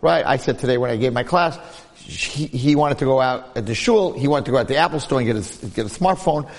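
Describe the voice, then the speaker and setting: A man giving a lively Torah class, storytelling and asking rhetorical questions while acting out the people he quotes. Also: mid-range voice, a little fast. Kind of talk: animated Torah lecture with storytelling. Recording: long hall reverb.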